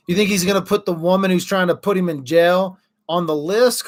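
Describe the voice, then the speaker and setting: A man's voice: sits high, fairly even intonation, brisk. A middle-aged man casually chatting on a livestream, reacting to viewers' comments as he talks. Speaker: livestream host.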